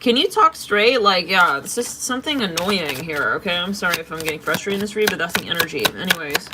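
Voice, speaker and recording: A woman's voice: fairly low pitch, expressive, a little fast, very noisy. A woman giving a casual tarot reading to her viewers, talking bluntly and with open exasperation, swearing freely as she goes. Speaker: tarot reader.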